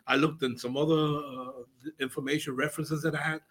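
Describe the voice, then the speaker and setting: A man's voice: on the high side, little pitch movement, quick pace, fairly bright tone, slightly rough. An older man hosting a community radio interview, chatting casually with hesitant fillers and restarts. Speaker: radio host.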